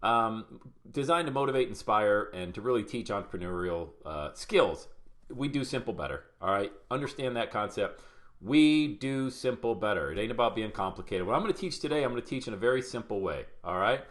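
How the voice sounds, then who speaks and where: A middle-aged man with a slightly lower voice teaches a live online group how podcasting works. He is upbeat and chatty, and he greets viewers by name as he talks. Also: animated, fairly quick, fairly bright tone. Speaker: podcast coach.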